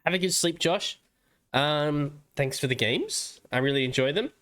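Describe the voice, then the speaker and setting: A man's voice: on the high side, animated, moderate pace, fairly bright tone. An Australian man streaming casually, laid-back and giggly, swearing often. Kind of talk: casual livestream chat.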